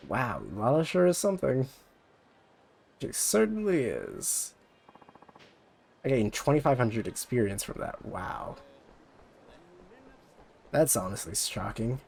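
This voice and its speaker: A man's voice: mid-range voice, sing-song, slow, vocal fry, long pauses, a little mellow. A man giving casual let's play commentary with wry asides. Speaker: game player.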